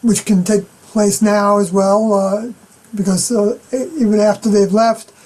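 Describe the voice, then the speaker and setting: A middle-aged woman giving an unscripted scripture commentary as a personal testimony, halting and often clearing her throat. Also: medium pitch, little pitch movement, a little mellow, low-quality recording.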